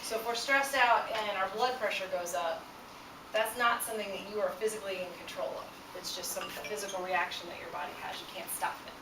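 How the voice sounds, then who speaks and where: A woman's voice: mid-range voice, quick pace. A woman presenting a stress management workshop to students in a university classroom, talking conversationally with frequent fillers and asking the group questions. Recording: echoey room, far from mic, loud background noise.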